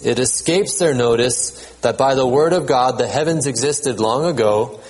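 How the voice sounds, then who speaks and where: A male pastor with a slightly mellow mid-range voice delivers a conversational sermon, repeating words, checking in with "okay?", and reading scripture in a measured cadence. The recording is rough.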